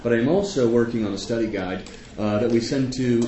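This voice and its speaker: A man speaking casually to a theater audience, halting and self-deprecating, with frequent restarts. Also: medium pitch, mellow. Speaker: theater education director. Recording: echoey room, faint hum.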